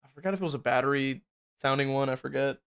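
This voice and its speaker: A man's voice: mid-range voice, fast talker, clear, resonant tone. A young man streaming a game in casual, slangy chat, swearing a lot and laughing often. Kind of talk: casual live-stream commentary. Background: loud game music.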